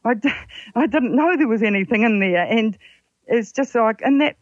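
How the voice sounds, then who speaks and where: Older kiwi woman, earnest and halting, dull lo-fi sound, dead dry. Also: on the high side, animated, no room sound. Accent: New Zealand. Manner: halting, reflective, earnest storytelling. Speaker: guest psychic and author. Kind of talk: personal story on a radio interview.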